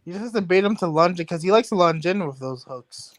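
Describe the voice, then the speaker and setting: Casting note: slightly high man, tactical fight breakdown, casual. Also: expressive, fast, dry recording, clean studio sound. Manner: tactical, reads the chat. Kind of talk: live fight reaction chat.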